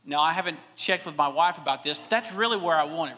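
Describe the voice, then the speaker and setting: A man's voice: a little high, quick pace, sharp tone, long reverb tail. A man from Alabama with a light Southern accent, preaching a sermon with folksy, self-deprecating storytelling. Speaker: pastor.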